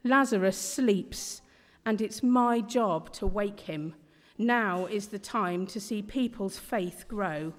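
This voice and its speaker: A woman voicing Jesus as a calm man who speaks in a slow, steady, reassuring way. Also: medium pitch, close to an everyday voice. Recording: long hall reverb.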